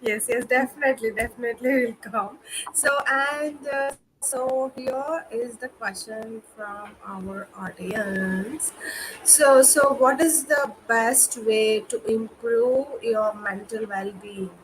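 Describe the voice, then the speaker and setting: A woman moderating an online conference session, giving effusive, halting praise and reading audience questions. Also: fairly high pitch, a little hiss or hum, low-quality recording.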